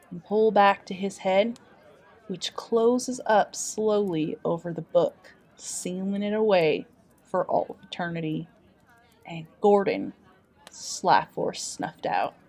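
In an improvised tabletop role-play, a woman voices a folksy traveling adventurer, telling a dramatic tale in a homespun drawl as a player character storyteller. Her voice is lowish and a little mellow.

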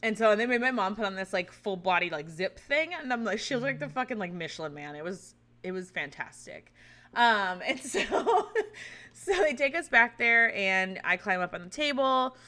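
A woman with a bright, forceful voice tells a personal story in a loose, casual way. She is candid and chatty, swears freely and laughs often. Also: medium pitch, lively intonation, normal speed. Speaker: vlogger recounting a personal experience.

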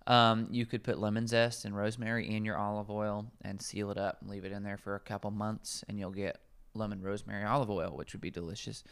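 A man's voice: lowish voice, level tone, a little fast, gravelly, few pauses, fairly bright tone, clean tone. A man, a nutrition coach, explaining herbs in casual podcast conversation, rambling and correcting himself as he goes.

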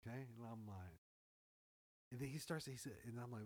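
A man's voice: mid-range voice, fairly quick, pauses often, low-quality recording. A man telling a story in casual chat, swearing freely and acting out quoted dialogue. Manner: animated, profane, acts out quoted dialogue.

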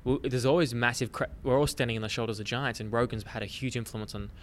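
A man's voice: medium pitch, steady tone, quick pace, a little hiss or hum. A man hosting a casual podcast, easygoing and a bit hesitant, on a studio mic. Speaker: podcast host. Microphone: studio mic with headphones into a mixer.

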